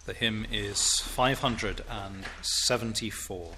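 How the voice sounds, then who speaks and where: Slow, emphatic man preaching. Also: mid-range voice, fairly even intonation. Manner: slow and emphatic, swelling to loud declamation in scripture reading; formal, old-fashioned preaching diction. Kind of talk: sermon.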